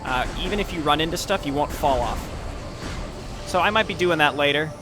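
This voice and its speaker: A man's voice: on the high side, a little fast, noisy background. A man giving casual let's-play commentary, explaining his moves as he plays and sometimes reading game lore aloud. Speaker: gameplay commentator. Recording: game music loud underneath. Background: game music.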